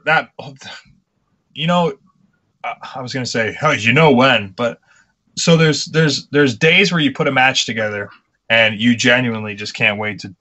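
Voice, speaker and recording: A young man co-hosting a casual podcast, a pro wrestler who tells animated stories and swears casually. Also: medium pitch.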